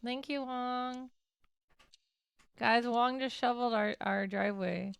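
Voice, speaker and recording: Chatty woman streamer, higher voice. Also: fairly even intonation, takes it slowly, creaky, long pauses, clean tone, no echo. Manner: chatty, giggly, reading game dialogue aloud. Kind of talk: casual let's-play commentary. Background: game music.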